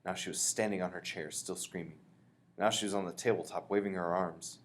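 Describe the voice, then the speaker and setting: A man reading a children's book aloud, expressively, pausing to explain. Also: sits low, fairly even intonation. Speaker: reader.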